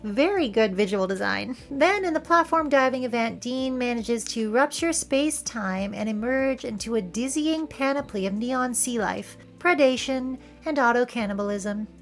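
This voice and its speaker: High-voiced Valley Girl woman host. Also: moderate pace, hardly any pauses, faint music behind. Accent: Californian, Valley Girl. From San Francisco area, California. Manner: playful, wry, joking asides. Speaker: video essay host. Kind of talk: casual commentary over film clips.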